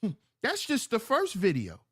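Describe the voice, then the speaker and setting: Livestream host, high-pitched man, very animated delivery, preachy and repetitive. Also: normal speed, breathy edge. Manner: preachy, emphatic, repeats lines for effect. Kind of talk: livestream commentary reading chat.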